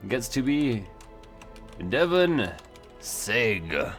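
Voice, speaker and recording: A man's voice: medium pitch, big pitch swings, very slow, pauses often, soft background music. A man hosting a let's play, thinking aloud in a rambling, self-mocking way with many fillers. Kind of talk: casual gameplay commentary.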